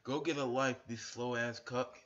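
Man, angry profane rant, repeats insults, mid pitch, muffled lo-fi webcam sound. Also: steady tone, moderate pace, a bit bright. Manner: shirtless on camera. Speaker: YouTuber. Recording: dull lo-fi webcam audio.

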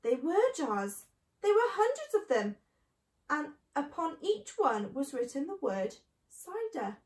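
A woman reading a children's book aloud in an expressive way. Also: high voice, takes it slowly, roomy sound, far from the mic, low-quality recording. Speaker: storyteller.

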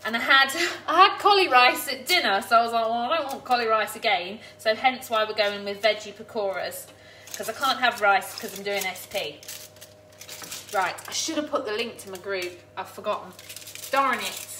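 A woman's voice: mid-range voice, slight background noise. Bubbly woman cooking on a live stream. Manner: bubbly, excitable, quick to laugh and tear up. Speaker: cooking livestream host. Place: home kitchen.

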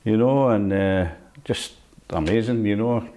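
An older Scottish former footballer telling stories from his career in a relaxed interview, acting out old exchanges and laughing at himself. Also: on the low side, measured pace. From Scotland. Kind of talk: casual reminiscing interview.

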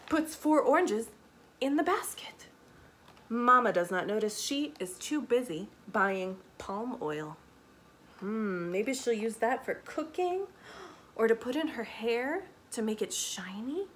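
Slow, animated woman reading a storybook to kids. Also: medium pitch, a little hiss or hum. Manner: animated, gasping, whispering asides, asks children questions; repeats words in Spanish. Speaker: children's librarian. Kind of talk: storytime read-aloud for kids.

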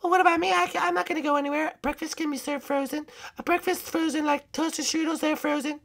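A squeaky, tough princess from a breakfast kingdom, put on by a woman. She talks bluntly, full of slang, and her pitch sits far above the performer's own voice in a role-play game. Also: steady tone, fast talker, creaky, a bit bright. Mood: sassy. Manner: blunt, slangy, calls people bozo.

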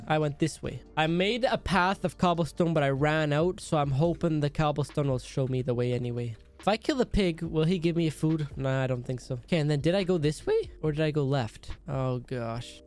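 A man hosting a gaming channel, giving anxious, excitable live commentary over his gameplay and talking to himself as he goes. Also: on the high side. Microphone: desk microphone.

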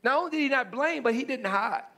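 High-voiced man preaching with urgent repetition. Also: animated, fast, bright, forceful tone. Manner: repetitive emphatic preaching with stammered restarts. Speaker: pastor. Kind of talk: sermon.

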